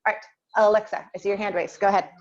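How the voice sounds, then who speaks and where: A woman's voice: mid-range voice, flat delivery, fast talker, lo-fi sound. A woman voice teacher leading an online group lesson over a video call, patiently asking the class questions and waiting for answers.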